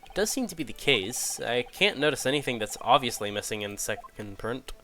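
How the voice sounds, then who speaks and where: A man voicing an earnest young defense lawyer in a polite, measured, slightly unsure way. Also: medium pitch, expressive, bright, forceful tone.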